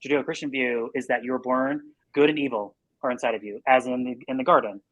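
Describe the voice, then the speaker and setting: A man's voice: medium pitch, fairly even intonation, fairly bright tone, dry recording, highs cut off. Podcast guest: earnest man, rambling "like"-filled bursts, dry close mic. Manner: earnest, talks in quick run-on bursts with many "like"s. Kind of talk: casual conversation.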